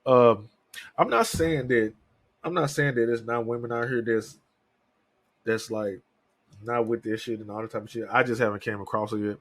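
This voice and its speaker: Here the solo podcast host, a man in his thirties, speaks at medium pitch in a steady, fairly bright tone, at normal speed with long pauses. He rambles candidly through a casual monologue, swearing frequently.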